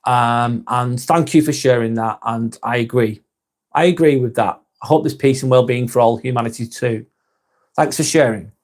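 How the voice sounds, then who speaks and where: A man's voice: medium pitch, moderate pace, darkish tone. A man hosting a casual live vlog, reading viewer comments aloud and chatting with them, swearing casually. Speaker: live stream host reading chat.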